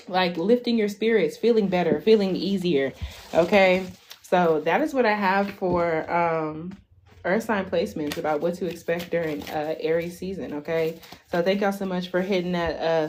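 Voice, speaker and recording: A woman's voice: lowish voice, a little mellow, a little hiss or hum. A woman in her twenties giving a casual tarot reading on a stream, chatty, tagging "okay?" onto her lines. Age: 20s. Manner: chatty, ends lines with "okay?", lots of "like" and "y'all". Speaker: tarot reader.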